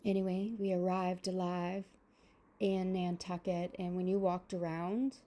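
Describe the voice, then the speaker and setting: A woman's voice: on the low side, level tone, unhurried, dark tone. A woman in her sixties telling a personal story in a chatty, rambling way with many fillers. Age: 60s. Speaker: vlogger. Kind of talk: casual storytelling monologue.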